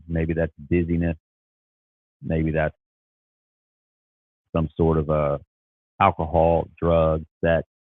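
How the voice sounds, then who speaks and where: A man's voice: deep voice, gravelly, husky, no echo, narrow, tinny audio. A man talking as a Christian life coach, earnest and encouraging, often repeating and restarting his words. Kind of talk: casual motivational talk.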